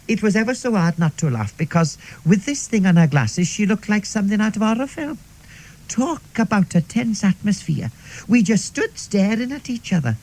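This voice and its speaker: A chatty middle-aged Welsh woman, voiced by a man, tells her stories in a radio comedy monologue. Her voice sits high, with a gravelly fry at the edges. She rambles in a confiding way and peppers her talk with "like" and "see". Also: lively intonation, moderate pace, darkish tone, rough recording.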